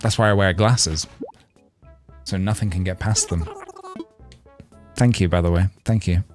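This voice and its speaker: A man's voice: sits low, unhurried, over music. A man streaming a video game, chatting playfully and joking with his viewers. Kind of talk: casual gaming livestream chat.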